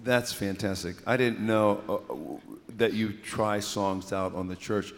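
A man's voice: on the low side, fairly even intonation, measured pace, vocal fry, long reverb tail. A man interviewing a songwriter, breaking in with curious questions.

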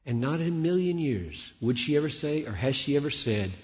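Preacher, man in his sixties, lively storyteller who acts out the dialogue, live in a big reverberant hall. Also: on the high side, brisk. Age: 60s. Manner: animated, acts out dialogue, repeats words when excited. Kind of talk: conference sermon with storytelling. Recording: dull sound with long hall reverb.

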